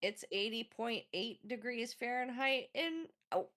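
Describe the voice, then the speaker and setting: A woman co-streaming a game, chatting casually, playful and excitable with mock outbursts. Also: on the high side, a little slow, background noise. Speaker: guest co-streamer. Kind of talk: casual gameplay chat.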